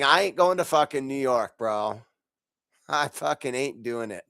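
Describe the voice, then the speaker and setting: A podcast host with a medium-pitched, gravelly, fairly bright, smooth voice rants about football, speaking a little slowly and expressively. Congested from allergies, he's angry, profane and exasperated, laughing in bursts. The studio-quality audio has no echo.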